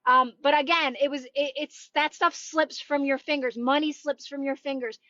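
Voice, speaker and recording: A woman chatting on a livestream as a manifestation coach, speaking in a high voice with an earnest, encouraging manner and frequent repeats. The sound is dry and close, with dull lo-fi audio. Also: steady tone, moderate pace, sharp tone, dry recording. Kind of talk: livestream chat.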